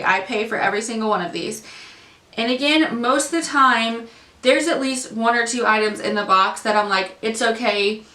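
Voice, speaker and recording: Woman vlogger on a fed-up unboxing rant, fairly high voice, sitting back from the mic. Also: bright, forceful tone, echoey room, recorded from a distance. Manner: ranting, exasperated, frequent fillers. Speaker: beauty vlogger. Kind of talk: casual unboxing review.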